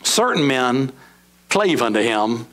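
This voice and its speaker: A middle-aged man preaching a sermon in a church, swinging between high emphatic lines and low, slow drops. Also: big pitch swings, a bit bright. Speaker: pastor. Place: church sanctuary.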